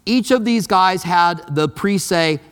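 High-voiced man preaching in a reverberant hall. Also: slow, a bit bright, clean tone. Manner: conversational, emphatic preaching with repeated phrases. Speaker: pastor. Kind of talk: sermon. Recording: long reverb of a large hall.

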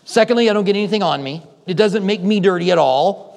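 High-voiced pastor preaching in a reverberant hall. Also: male voice, fast talker, creaky, darkish tone. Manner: conversational storytelling with acted-out quotes. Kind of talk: sermon.

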